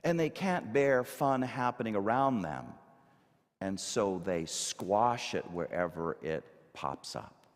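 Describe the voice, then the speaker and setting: Animated preaching man in echoing hall. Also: on the low side, slow. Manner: animated, emphatic preaching with rhetorical questions. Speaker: minister. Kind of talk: sermon. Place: church sanctuary. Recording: long hall reverb.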